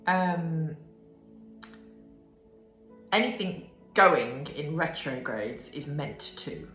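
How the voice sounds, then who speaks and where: Woman tarot reader, sleepy and blunt, low pitch, roomy echo. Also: lively intonation, extremely slow, long pauses, fairly bright tone. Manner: sleepy, yawning, swears casually. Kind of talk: casual tarot reading to camera. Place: bright room at home, indoors. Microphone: camera on a desk with ring light. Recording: echoey room with faint music.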